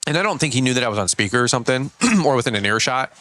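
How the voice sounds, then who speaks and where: A man's voice: mid-range voice, very fast. A man, a small business owner and podcast guest, telling stories in a casual, slangy way. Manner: animated storyteller, slangy. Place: Michigan.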